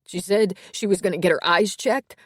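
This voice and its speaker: A woman's voice: mid-range voice, moderate pace, dry recording, clean studio sound, natural voice. A woman voicing a seventeen-year-old boy who stammers and speaks frantically. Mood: panicked.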